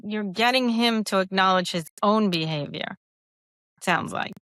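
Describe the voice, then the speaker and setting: A woman's voice: medium pitch, measured pace, a bit bright, no room sound, clean studio sound. A woman hosting a podcast, summing up what her guest says with short, affirming replies. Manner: brief affirming replies, summarizing questions. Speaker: podcast host. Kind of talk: interviewing a guest.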